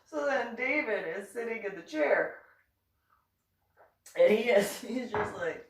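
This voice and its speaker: A woman storyteller chuckling her way through a comic tale from her own life, acting out everyone in it. Her pitch swings in lively leaps while she unhurriedly takes her time. She sits back from the mic in a roomy, echoing space. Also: measured pace, distant mic, slight background noise. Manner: laughs often, acts out each person. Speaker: reverend and vlogger.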